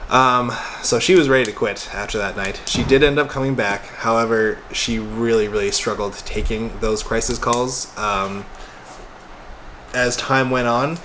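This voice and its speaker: A man's voice: mid-range voice, steady tone, unhurried, fairly bright tone, a little hiss or hum. A young man casually retelling a tense phone call from his helpline work, quoting both sides and swearing now and then. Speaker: former crisis helpline worker. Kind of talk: casual storytelling monologue.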